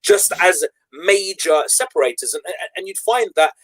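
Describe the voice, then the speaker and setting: A man's voice: sits high, animated, moderate pace, a bit bright, low-quality recording. A man in a casual panel chat, making his point earnestly and repeating words as he builds it. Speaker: panel guest.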